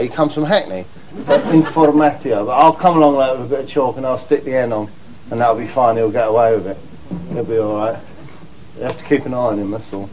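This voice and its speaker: A man's voice: mid-range voice, noisy background. A man hosting a comedy show, delivering a mock-pompous monologue in a camp, gushing way. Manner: camp, gushing, repeats "that's lovely". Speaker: comedy host.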